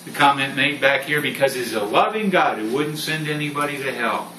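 Animated man teaching a Bible study. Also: medium pitch, fairly quick. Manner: animated storytelling, reads scripture aloud. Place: room with a small study group. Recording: roomy sound from a distant mic with faint noise.

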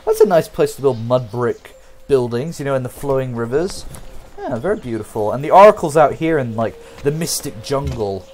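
A man's voice: medium pitch, lively intonation, normal speed, darkish tone. A man giving casual, jokey gameplay commentary, rambling and talking straight to his viewers. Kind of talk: casual let's-play commentary.

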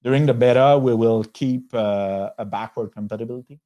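French-accented man presenting, halting delivery. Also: medium pitch, warm tone. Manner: halting, frequent pauses and restarts. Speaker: software company executive. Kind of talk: webinar presentation.

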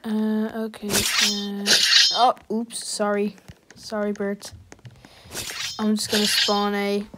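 A woman's voice: medium pitch, monotone, takes it slowly, long pauses, very noisy. A woman playfully narrating a video game she is playing, breaking into sudden yelps and screams. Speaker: gaming video creator. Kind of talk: let's-play commentary.

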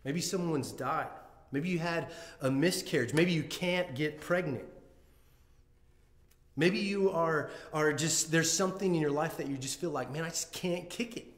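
A pastor preaching a sermon in an earnest, conversational way, often restarting and acting out heartfelt quotes. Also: male voice, a little high, unhurried. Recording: echoey room.

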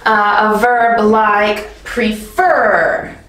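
A woman teaching an English grammar lesson in a clear, patient way, often checking in with the viewer. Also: a little high, expressive, slow, a bit bright, echoey room, distant mic, low-quality recording.

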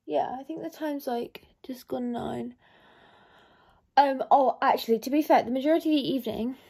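A woman's voice: sits high, normal speed, gravelly, mellow, husky. Chatty young woman vlogging. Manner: chatty, rambling, bubbly. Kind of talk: casual chat to camera. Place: bedroom at home. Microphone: phone on a ring light.

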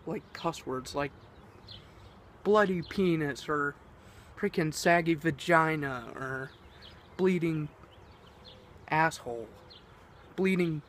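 A man's voice: high-pitched, a little hiss or hum. A man ranting and swearing in a casual, rambling vlog. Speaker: vlogger.

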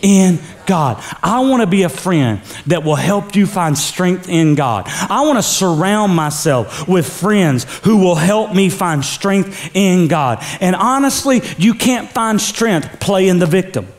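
A man preaching in a church in an energetic sermon style, often pushing the room to say the words back with him. His voice sits a little higher than most men's. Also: measured pace, few pauses. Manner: energetic preaching with call-and-response. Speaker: pastor. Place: church sanctuary.

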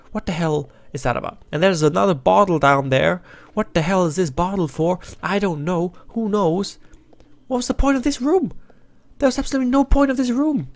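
A man giving profane, excitable let's play commentary as a gaming channel host, talking back to the characters. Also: fairly high pitch, vocal fry.

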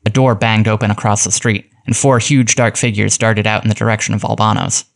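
A man reading a detective story aloud as narrator, in a measured, even way. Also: on the low side, creaky. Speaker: audiobook narrator.

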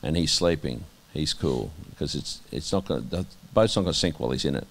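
Australian man, very low voice, earnest, halting, sharing testimony. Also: animated, gravelly, a little hiss or hum. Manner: earnest, halting, many restarts, drops soft when quoting God. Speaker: interviewee, minister. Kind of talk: candid conversational testimony.

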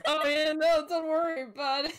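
A woman's voice: high-pitched, steady tone, moderate pace, fairly bright tone. A woman playing in a tabletop game, teasing the other players in a playful way. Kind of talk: casual tabletop game play.

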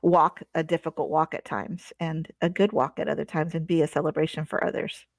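Middle-aged woman telling a story on a podcast, lowish voice, dry close sound, acts out the quotes. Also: brisk, vocal fry, dry recording. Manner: animated, acts out quoted dialogue. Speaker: guest educator. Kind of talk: conversational storytelling.

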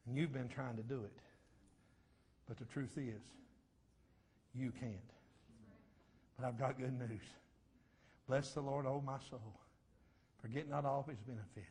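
A middle-aged man preaching a testimony sermon, fervent and swinging from shouts to a low hush.

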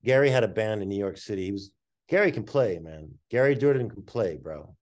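A man guest artist telling a long story in casual talk, animated and slangy, swearing freely. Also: lowish voice, brisk.

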